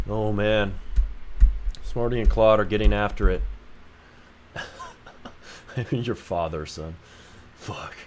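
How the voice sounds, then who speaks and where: A man's voice: fairly low pitch, slow pace, long pauses, a little mellow, soft background music. A young man streaming game development who jokes, swears freely and reads his chat aloud. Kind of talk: casual livestream chat.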